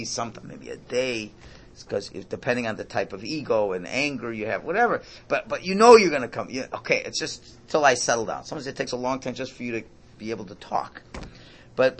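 A male rabbi gives an informal religious talk in a mid-pitched voice. His pitch rises and falls widely, and he often repeats phrases. He breaks into loud, near-shouted emphasis. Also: husky. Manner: animated, repetitive, bursts into near-shouting for emphasis.

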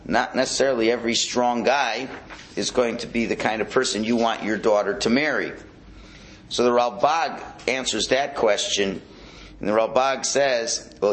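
A man teaching a Torah class in a casual, questioning way, who goes up in pitch when he stresses a point. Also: fairly bright tone, low-quality recording. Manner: casual, with many restarts and rhetorical questions. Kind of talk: teaching a Bible class, explaining commentaries.

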